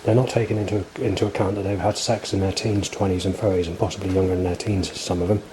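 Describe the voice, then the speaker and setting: Brief: man in his 40s, lowish voice, agitated, ranting and swearing, loud street noise behind. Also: level tone, fast. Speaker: vlogger. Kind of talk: rambling spoken monologue.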